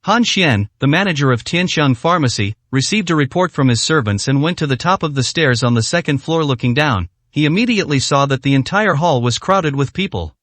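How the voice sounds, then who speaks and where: A man narrating an audiobook story in an animated storytelling manner. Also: a little high, a little fast, hardly any pauses, no room sound.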